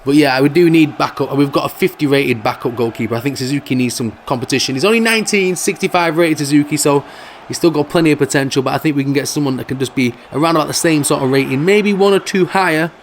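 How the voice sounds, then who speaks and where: A man commentates on his own football video game in a casual, jokey way. His voice sits fairly high and he talks with animated banter. A faint room ambience sits behind him. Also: fast, slight background noise. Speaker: gaming video host.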